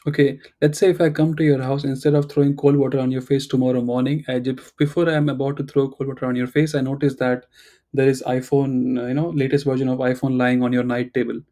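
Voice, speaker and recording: A man leads a beginner German lesson over a video call, with a dark and mellow voice. He is patient and coaxing, and he corrects each student's pronunciation word by word. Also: mid-range voice, level tone, quick pace. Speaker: German teacher. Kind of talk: online language class.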